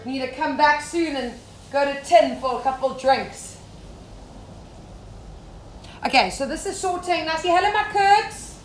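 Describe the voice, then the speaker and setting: A woman's voice: sits high, unhurried, long pauses. A young woman from Zimbabwe, a safari cook, chatting casually while giving a live cooking demonstration and greeting viewers by name. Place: home kitchen. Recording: echoey kitchen with faint ambient noise.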